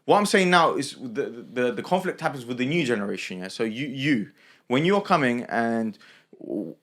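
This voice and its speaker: A man's voice: medium pitch, lively intonation, normal speed, a bit bright. A man, a podcast co-host in casual discussion, laid-back and saying "bro.". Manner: laid-back, lots of murmured agreement, calls people bro.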